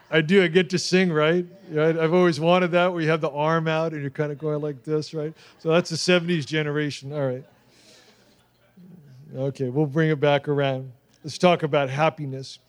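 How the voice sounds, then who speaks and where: A pastor preaching a sermon in a conversational, animated storytelling manner with asides to the congregation. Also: male voice, high-pitched.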